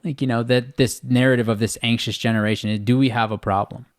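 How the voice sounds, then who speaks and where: A man's voice: medium pitch, steady tone, fast talker, no echo. A man hosting a podcast, his voice mid-range, asking pointed questions and chiming in with short agreements. The recording is dry and close. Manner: short backchannels and probing questions. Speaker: podcast host. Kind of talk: casual conversation.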